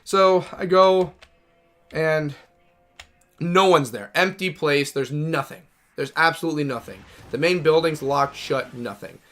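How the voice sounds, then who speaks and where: A man's voice: fairly high pitch, measured pace, fairly bright tone, soft background music. A man streaming a game, telling a long story in a loose, rambling way, restarting sentences and swearing freely. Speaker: gaming streamer. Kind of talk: casual storytelling while playing.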